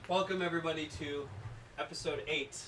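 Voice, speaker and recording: A man co-hosting a casual online podcast, joking around and laughing loudly. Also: steady tone, fairly quick, echoey room, noisy background. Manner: jokey, laughs loudly, mock-deep voice bits. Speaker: co-host. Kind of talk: casual podcast chat over the internet. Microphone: remote call mic.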